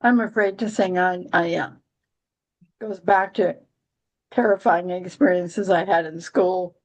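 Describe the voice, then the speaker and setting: A woman's voice: fairly low pitch, steady tone, measured pace. A woman hosting a casual astrology chat, rambling with many restarts and dry, giggly humor. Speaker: astrology podcast host.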